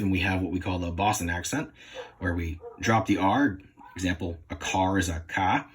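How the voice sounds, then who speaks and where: Low husky hesitant male student. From New England. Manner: hesitant, apologetic, many ums. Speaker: student presenter. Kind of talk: class presentation. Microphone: phone.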